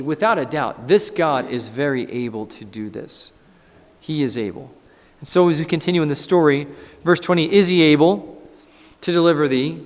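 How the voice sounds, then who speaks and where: A man, a pastor, preaching a conversational, animated sermon in a church and acting out scripture. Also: fairly high pitch. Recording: echoey church hall.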